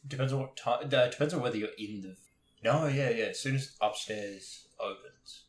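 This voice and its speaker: A man's voice: medium pitch, moderate pace. A man co-hosting a podcast, reacting in casual chat with short replies and laughing agreement. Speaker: podcast co-host. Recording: roomy echo.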